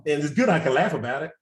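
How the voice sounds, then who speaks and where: A man's voice: fairly high pitch, a little hiss or hum. A man who coaches real estate investing, telling candid stories with a loose, self-mocking manner and frequent laughter on a group video call. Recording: roomy echo.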